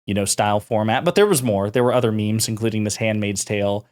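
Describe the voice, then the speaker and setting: A man's voice: fairly low pitch, quick pace, darkish tone, clear, resonant tone. A man hosting a political commentary channel, talking casually and sarcastically with frequent fillers.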